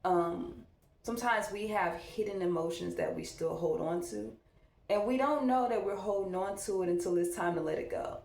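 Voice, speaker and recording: A fairly low, slightly mellow female voice speaks at normal speed. She's a vlogger and mom getting ready at home, candid and reflective in an easygoing get-ready-with-me chat, recorded in a room with echo.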